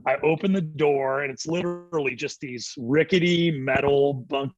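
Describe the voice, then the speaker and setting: A middle-aged man, a youth ministry director, telling an animated story as a guest on a church interview show. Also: on the high side, lo-fi sound. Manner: animated storyteller acting out quotes, quick laughs.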